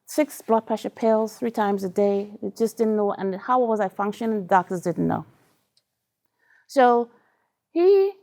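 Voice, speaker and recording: Woman from Trinidad and Tobago, gravelly voice, earnest halting testimony, mid-pitched. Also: darkish tone. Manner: earnest, emotional, halting storytelling. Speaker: speaker sharing her story. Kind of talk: personal testimony talk.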